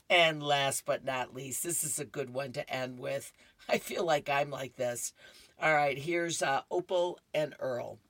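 Woman radio reader, unhurried, chatty asides, dry studio sound. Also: very deep voice, fairly bright tone, no room sound. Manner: chatty asides, laughs at the jokes. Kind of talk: reading horoscopes and comic strips on radio.

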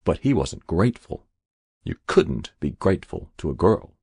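A man narrates a story in an expressive reading voice, rising and falling with plenty of movement. His voice sits very low, with a gravelly, husky grain. The recording is dry and close. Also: moderate pace, no room sound.

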